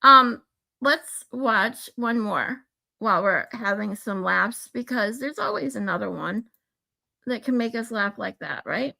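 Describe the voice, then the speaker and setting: A woman hosts her livestream in a loose, chatty way. Her bright voice takes its time, with a gravelly edge and a lively rise and fall. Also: fairly high pitch, measured pace. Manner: relaxed, chatty, laughing often. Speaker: livestream host. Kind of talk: casual livestream chat.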